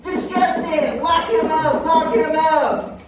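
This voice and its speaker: A woman voicing a brash, loudmouthed middle-aged aunt puppet in a live ventriloquist act, given to indignant outbursts. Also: sits high, takes it slowly, voice pushed up. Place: live comedy stage. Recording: echoey hall from far off with audience noise.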